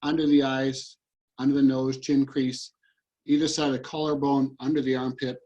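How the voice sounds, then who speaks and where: A man's voice: medium pitch, little pitch movement, normal speed, warm tone, dull audio. A man coaching listeners through a tapping routine over a video call, repeating short statements in an earnest way. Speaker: EFT practitioner and coach. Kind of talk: guided tapping demonstration.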